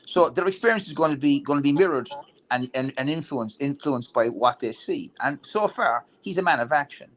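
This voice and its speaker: A man's voice: on the high side, lively intonation, brisk. A man talking politics heatedly and bluntly, swearing and restarting his sentences often. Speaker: veteran political talk show guest.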